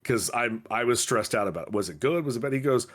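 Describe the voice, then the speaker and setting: A man's voice: medium pitch, expressive, quick pace, a bit bright. A middle-aged man, co-host of a podcast, telling a story in casual chat with a wry, snarky delivery.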